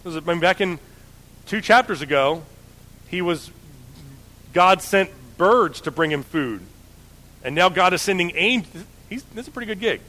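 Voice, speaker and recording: A man's voice: high-pitched, animated, moderate pace, pauses often, bright, forceful tone, low-quality recording. A man teaching the Bible, reading passages and retelling them in conversational everyday language. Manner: conversational, paraphrases scripture in everyday slang. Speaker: preacher.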